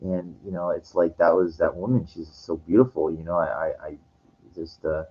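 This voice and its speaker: A man telling a personal story in a casual monologue, halting and rambling, with many restarts, fillers and casual swearing. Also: low voice, flat delivery, highs cut off. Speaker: vlogger.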